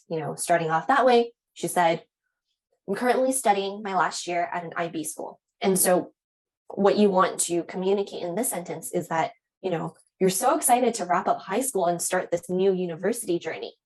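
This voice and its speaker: A young woman instructor walks students through admissions interview answers in a relaxed, conversational way. Her voice sits a little low, and she leans on fillers and "right?" to keep it friendly. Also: poor audio. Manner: casual, frequent "right?" and "um". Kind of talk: teaching admissions interview skills.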